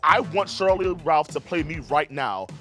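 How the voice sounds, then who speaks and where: A man's voice: fairly high pitch, animated, moderate pace, a bit bright, faint music behind. A man from South Carolina, a drag queen contestant, talking in a sassy, campy confessional interview with a big announcer voice and bits of sing-song.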